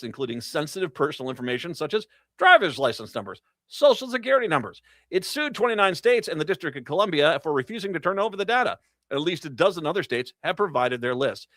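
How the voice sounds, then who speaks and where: A man's voice: fairly high pitch, fairly bright tone, no echo. A man hosting a political talk radio show, reading news stories and breaking into sarcastic, mocking asides with laughs.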